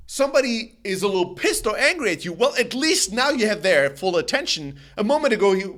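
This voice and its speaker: High-voiced energetic man giving sales advice. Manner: energetic, emphatic, plain-spoken. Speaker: sales company host. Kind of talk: direct-to-camera sales advice.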